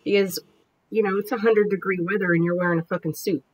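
A woman's voice: medium pitch, steady tone, quick pace, a little hiss or hum, poor audio. A woman in her forties, a podcast guest, telling combative stories in a brash, profane way. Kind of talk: casual chat.

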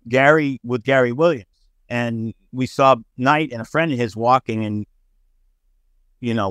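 A middle-aged man from the United States tells stories as a podcast guest. He talks in an animated, anecdotal way at a middle pitch. The recording is dry and close. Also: clear, resonant tone, dry recording. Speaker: sportswriter guest. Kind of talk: storytelling podcast interview.

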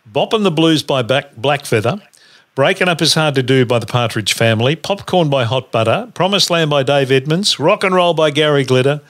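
Brisk radio host. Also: male voice, on the high side, expressive, fairly bright tone. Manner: brisk, teasing, steers back to the chart. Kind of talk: radio show hosting.

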